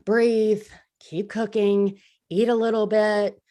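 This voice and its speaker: Woman giving a casual live recovery talk, candid and self-deprecating, chatty, middle pitch. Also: flat delivery, slow pace, warm tone. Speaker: crisis support speaker.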